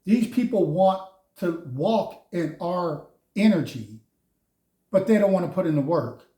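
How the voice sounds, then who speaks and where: A man's voice: high-pitched, animated, unhurried, mellow. A man giving a casual spiritual tarot reading, preachy and mocking, often laughing at those he speaks of. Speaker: tarot reader. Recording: roomy echo.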